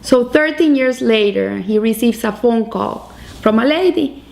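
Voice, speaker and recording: A woman's voice: on the high side, measured pace, creaky, a little mellow. Earnest woman giving a Torah sermon. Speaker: Torah teacher. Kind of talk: weekly Torah portion sermon.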